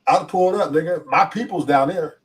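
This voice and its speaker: A man's voice: fairly high pitch, fairly quick, recorded from a distance. A man with a Los Angeles accent, a podcast guest talking casually in a streetwise, emphatic way and often repeating himself.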